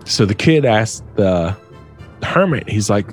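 A man's voice: lowish voice, animated, slow, faint music behind. A young man casually retelling a story to a friend, loose and profane, laughing often.

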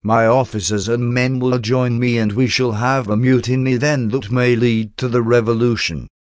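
A man's voice: medium pitch, fairly even intonation, normal speed, dry recording, studio quality, natural voice. A man voicing a loyal male officer who speaks earnestly and formally. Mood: pleading.

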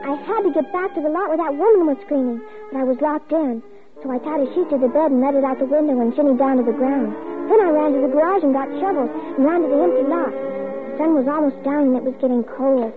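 A woman's voice: high-pitched, quick pace, music in the background, natural voice. An actress playing an urgent young girl on old radio. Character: young girl narrating her own frightening story. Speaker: radio drama lead. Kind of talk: 1950s radio drama narration. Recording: tinny old radio broadcast.

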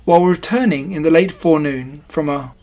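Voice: medium pitch, a little fast, a little mellow, lightly acted. A reader voicing a pompous, solemn old owl in a storybook reading, long-winded and formal.

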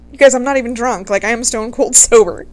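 Emotional, swearing woman telling a history story. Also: on the high side. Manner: swears freely, gushing and fangirling. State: close to tears. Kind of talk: casual emotional storytelling to viewers.

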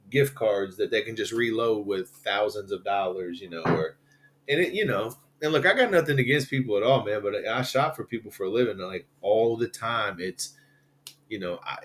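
Dude on a podcast, cussing, rambling through stories. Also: male voice, medium pitch, fairly bright tone. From Louisville, Kentucky. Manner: profane, rambling storyteller. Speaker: podcast host. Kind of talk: casual chat.

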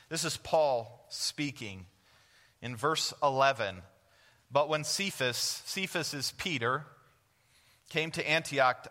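A man's voice: on the high side, pushed and bright, long reverb tail. A man preaching a sermon as a guest speaker at a church, earnest, putting questions to the congregation and answering them himself. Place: church sanctuary.

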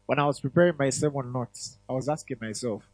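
A male pastor preaching a sermon, repeating key phrases for emphasis and reading scripture aloud slowly. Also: medium pitch, a little mellow, low-quality recording.

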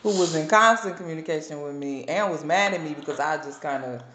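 A woman, co-hosting a podcast and telling a lively story with plenty of laughter. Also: deep voice, brisk, a little hiss or hum. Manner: animated storytelling, laughs often. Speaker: podcast co-host. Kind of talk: casual chat. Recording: echoey room.

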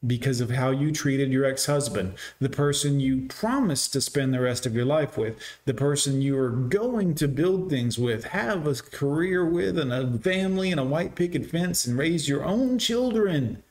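A man at a middling pitch talks down to his audience in a scornful, lecturing tone. He drips sarcasm as he picks apart what he has just heard. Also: animated, normal speed, few pauses, a little mellow. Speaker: commentator. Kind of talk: reaction commentary.

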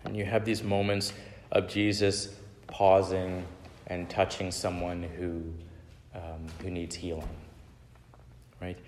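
A man's voice: low-pitched, level tone, slow pace, pauses often, a little mellow, slight background noise. A man in his thirties giving a sermon, telling personal stories in a conversational way and often adding "right?". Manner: conversational, frequent "right?" tag questions. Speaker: pastor. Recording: echoey hall with long reverb.

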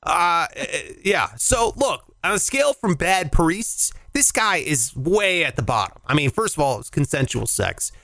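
Young male podcast co-host, lively pitch, irreverent jokes, dry close mic; casual banter. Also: moderate pace, few pauses, no echo. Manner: joking, irreverent, animated. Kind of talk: casual chat. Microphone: headphones and mic, remote call.

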